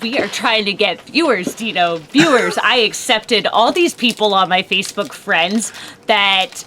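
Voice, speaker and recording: A woman's voice: mid-range voice, expressive, unhurried, sharp tone, slight background noise. A woman co-hosting a casual comedic chat show, teasing and crude, laughing often. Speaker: co-host.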